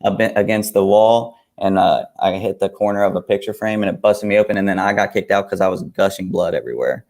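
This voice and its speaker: A man's voice: sits low, quick pace, vocal fry, hardly any pauses, a little mellow. A man co-hosting a casual talk show, telling a story in a laid-back, rambling way. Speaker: co-host. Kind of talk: casual chat.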